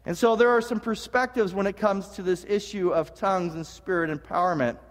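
A man with a high voice preaches a sermon, earnest and animated, stumbling into restarts and dropping in jokes. His voice rings out with a long reverb from a church sanctuary. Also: brisk. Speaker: pastor. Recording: long reverb of a large hall.

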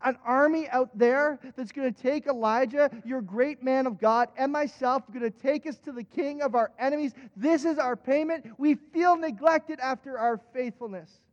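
A man voicing a panicked young male servant who complains to God in a high, frantic voice. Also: normal speed, hardly any pauses. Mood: aggrieved. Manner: high-pitched frantic shouting. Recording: dull recording with long hall reverb.

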